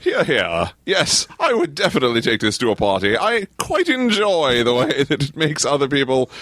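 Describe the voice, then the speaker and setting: A man chats on a party game podcast with dry, teasing humor. His pitch is lively. The sound is dry and close. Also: moderate pace, no room sound. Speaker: podcast co-host. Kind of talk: casual chat.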